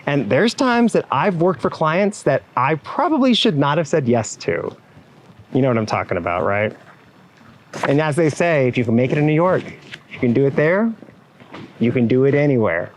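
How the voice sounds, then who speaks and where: He gives a motivational keynote to people in the events industry, using a fairly high voice at normal speed. Poor audio carries a little hiss or hum. Animated and direct with the audience, he sprinkles in asides and acts out quoted clients and inner voices.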